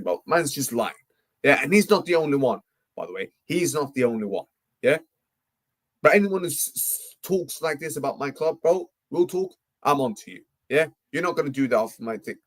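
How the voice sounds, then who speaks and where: A young man hosting a football live stream, ranting heatedly and tagging nearly every phrase with "yeah?" and "mate". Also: fairly high pitch. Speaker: football livestream host.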